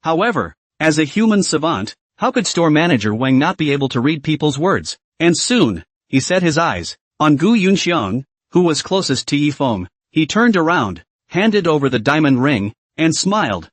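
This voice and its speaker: Lively man narrating a story recap. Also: a little high, normal speed, dry recording.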